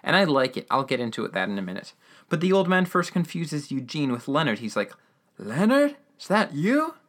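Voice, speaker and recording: A man's voice: mid-range voice, big pitch swings, fast talker, a bit bright. A man with an ordinary mid-range voice recaps an episode in a loose, rambling way. He fills gaps with "um" and "like" and breaks into keen asides about what he loves. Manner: rambling, enthusiastic, filler-heavy. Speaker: radio-drama episode reviewer. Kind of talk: casual recap.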